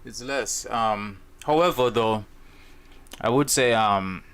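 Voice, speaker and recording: A man's voice: medium pitch, slow pace, fairly bright tone, smooth. A man co-hosting a casual talk radio show, laid-back, hedging and a bit sarcastic. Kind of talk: casual chat.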